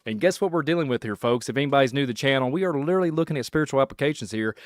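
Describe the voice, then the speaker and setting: A man from Kentucky with a Southern accent, hosting a rambling solo podcast, excitable and laughing often as he jumps between topics. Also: mid-range voice, racing, no room sound. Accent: Kentucky Southern American. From Kentucky, USA. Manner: excitable, laughing, puts on silly voices. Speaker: podcast host.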